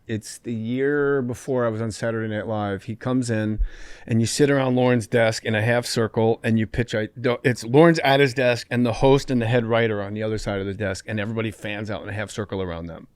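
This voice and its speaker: A man's voice: mid-range voice, clear, resonant tone, no echo. Storytelling male podcast host, dry close sound. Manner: storytelling, animated, crude humor. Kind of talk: casual chat.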